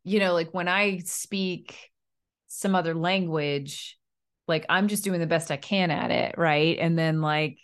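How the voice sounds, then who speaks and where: A woman co-hosting a podcast, reacting and musing conversationally. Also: low voice. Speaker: podcast co-host. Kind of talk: casual chat.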